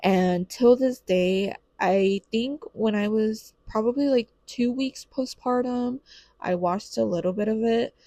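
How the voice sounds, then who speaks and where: A woman's voice: a little high, a little slow, mellow. A young woman telling her birth story casually and candidly, swearing freely and saying "like" a lot.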